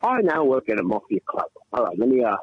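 A man's voice: mid-range voice, sing-song, fast talker, dry recording, phone-quality sound. A man with an English accent calling in to a radio show, rambling and profane in a theatrical way. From England. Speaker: radio caller. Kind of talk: rambling comic call-in chat.

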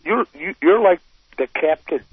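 A man's voice: sits high, lively intonation, a little slow, husky, dry recording. A man in his forties calling a radio show, chatty and friendly, rambling through his points. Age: 40s. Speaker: caller. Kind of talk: casual phone call to radio show. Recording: tinny phone line.

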